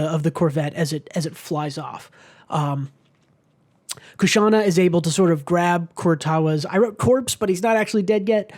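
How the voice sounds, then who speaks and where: Podcast co-host, mid-pitched voice, loose rambling delivery, casual book club talk. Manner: rambling with many fillers, swears freely.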